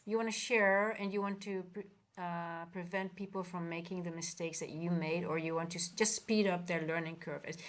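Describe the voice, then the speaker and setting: A woman's voice: medium pitch, fairly bright tone. A woman coaching traders on a casual livestream, talking earnestly and rambling with many restarts. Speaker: trading coach and livestream host.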